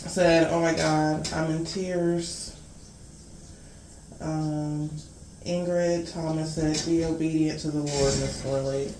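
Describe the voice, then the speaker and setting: Calm woman reading comments, echoey room. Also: low-pitched, slow pace. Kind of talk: reading viewer comments aloud. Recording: echoey room with faint noise.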